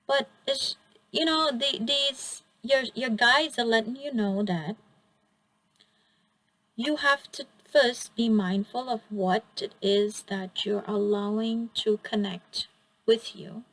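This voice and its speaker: A woman giving a pick-a-card oracle reading, gentle, encouraging and a little rambling. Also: a little high, takes it slowly, poor audio.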